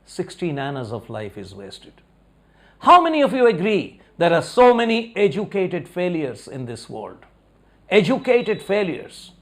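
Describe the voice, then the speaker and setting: A man gives a motivational talk, telling a parable and then pressing his point home with rhetorical questions to the audience. His voice sits on the higher side and swings widely in pitch, and he leans hard on key words. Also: huge pitch swings, moderate pace, fairly bright tone. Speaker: motivational speaker.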